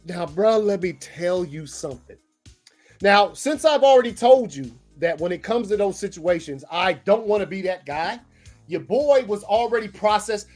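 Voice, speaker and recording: Animated, profane man telling a story. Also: sits high. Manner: animated, profane, acts out quotes. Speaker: podcast host. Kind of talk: casual storytelling.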